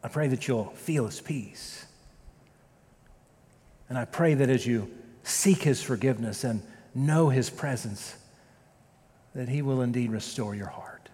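A man preaching a sermon as pastor, telling a story with dramatic loud peaks and quiet, slow prayerful passages. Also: mid-range voice. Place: church sanctuary. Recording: long reverb of a church sanctuary.

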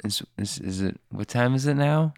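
A man's voice: medium pitch, lively intonation, moderate pace, creaky, darkish tone, no room sound, studio quality. A man playing in an improvised tabletop game, talking hesitantly with lots of stammers and fillers. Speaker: player.

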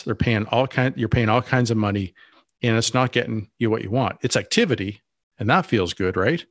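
Casting note: low-voiced male podcast co-host, loose rambling delivery, dry close mic. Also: normal speed, fairly bright tone, no room sound. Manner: rambling, frequent restarts and asides. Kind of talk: casual podcast conversation.

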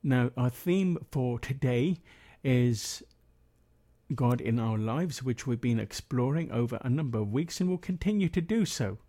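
A man's voice: mid-range voice, lively intonation, a little slow, mellow. A man leading a prayer meeting, reading Bible passages steadily and adding his own comments with hesitant fillers.

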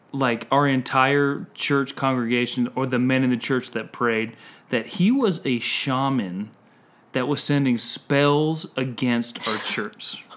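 Man telling a story with laughs. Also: medium pitch. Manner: laughing, self-mocking storytelling. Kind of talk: casual chat.

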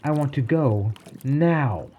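A woman's voice: lowish voice, huge pitch swings, quick pace, warm tone, a little hiss or hum, pitched above the performer's own voice. A man voicing a nervous wife who is anxious and pleading to get off a rocking boat.

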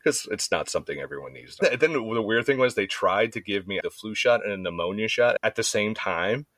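Low, deep-voiced man telling blunt stories. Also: expressive, brisk, a bit bright, no room sound. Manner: candid, swearing storyteller who acts out quoted voices. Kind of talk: casual chat.

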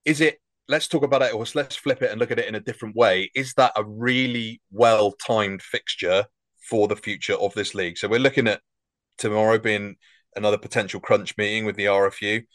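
Low-voiced podcast host, dry sound. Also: male voice, steady tone, brisk, fairly bright tone, no room sound. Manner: easygoing, poses questions to his guest. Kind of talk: casual podcast chat.

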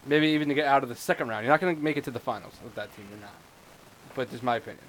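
A man co-hosting a sports podcast, laying out his opinions in a measured way. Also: medium pitch, a bit bright, a little hiss or hum, low-quality recording. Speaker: podcast co-host. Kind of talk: sports analysis chat.

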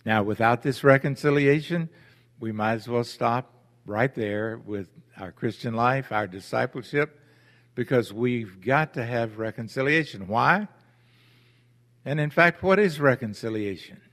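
A pastor with a medium-pitched, slightly bright voice preaches a sermon, pressing points with deliberate emphasis and asking his congregation rhetorical questions. The setting is a church sanctuary, and the hall's reverb is long.

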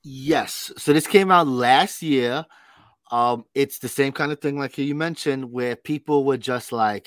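A man's voice: mid-range voice, measured pace, dry recording, clean studio sound. A man co-hosting a casual pop culture podcast, laid-back, laughing often and calling his cohost bro. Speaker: podcast co-host.

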